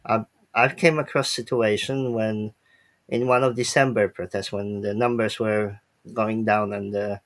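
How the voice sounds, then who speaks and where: A man's voice: fairly low pitch, little pitch movement, a little slow, fairly bright tone. A man whose first language is Polish, interviewing a guest in a hesitant way full of fillers. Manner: hesitant, many fillers, non-native phrasing. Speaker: interviewer, independent journalist. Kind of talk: interview questions and chat.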